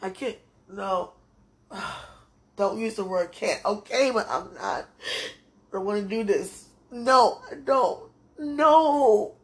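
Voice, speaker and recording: A woman's voice: mid-range voice, slow. A woman praying aloud to God in a pleading, tearful way, her voice breaking and sometimes falling to a whisper. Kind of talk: emotional spoken prayer.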